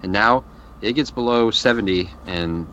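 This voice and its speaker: A man's voice: fairly low pitch, normal speed, a bit bright, highs cut off, slight background noise. A man from Texas co-hosting a podcast, chatting casually and making dry, sarcastic jokes. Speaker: podcast co-host. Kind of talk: casual chat.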